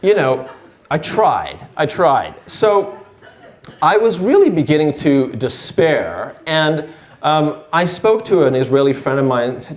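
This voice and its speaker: A man's voice: a little high, very animated, measured pace. A man telling a personal story live, with a wry, self-deprecating delivery. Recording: echoey room.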